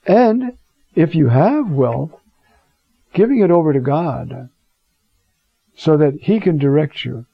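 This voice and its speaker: A man's voice: on the high side, animated, slow, gravelly, long pauses, husky, no echo. A male priest giving a sermon in a conversational way, reading scripture aloud with emphasis, on a dull, muffled recording.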